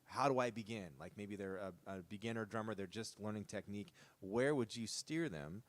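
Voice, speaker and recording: A man's voice: lowish voice, moderate pace. A man hosting a casual interview, asking long winding questions full of asides. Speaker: host.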